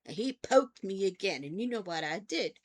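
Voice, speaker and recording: This older woman, a vlog host and therapist, chats to camera in a storytelling style, frequently pausing to check in with "okay?". She speaks at a normal speed in an animated, mid-range voice.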